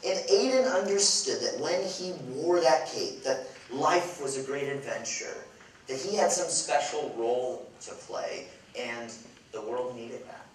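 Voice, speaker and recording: A man in his thirties from Chicago tells a lively, self-mocking story, tossing playful asides to the crowd. His voice sits at an ordinary pitch and rings through a large, echoey hall. He is heard from some distance off the mic, with faint room noise behind. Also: unhurried. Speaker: event speaker. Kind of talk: humorous storytelling talk.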